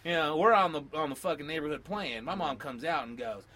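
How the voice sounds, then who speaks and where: A man's voice: a little high, fairly quick, sharp tone. A man telling profane childhood stories in casual chat, acting out quoted lines with big jumps in voice.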